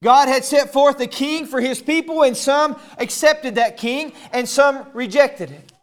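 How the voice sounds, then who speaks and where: A man's voice: very high-pitched, unhurried. A male pastor preaching a sermon, often repeating words as he restarts, then building to emphatic, raised passages. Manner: stammering word repeats, building to emphatic shouts.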